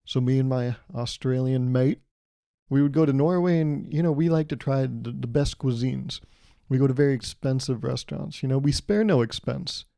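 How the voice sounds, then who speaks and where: Gravelly man telling a comic story. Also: mid-range voice, normal speed, warm tone, no room sound, studio quality. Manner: jokey, building a long setup to a pun. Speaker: podcast host. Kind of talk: comedic storytelling monologue. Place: California.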